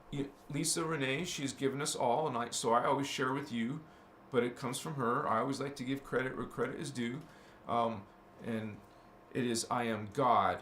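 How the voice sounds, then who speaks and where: A man hosting a spiritual livestream, talking in a gentle, earnest, halting way to his viewers. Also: medium pitch, echoey room, slight background noise. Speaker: livestream host.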